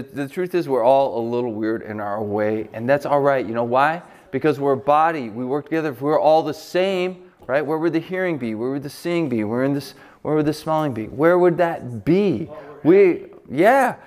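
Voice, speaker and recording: A middle-aged man from Buffalo preaching a sermon as pastor, conversational and joking, with lively swings in pitch. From Buffalo, New York.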